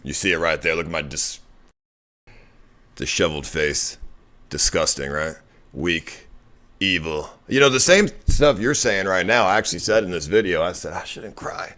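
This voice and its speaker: A man's voice: low voice, normal speed, pushed and bright. A man in his thirties, a streamer, coaxing and persuading someone in casual stream talk.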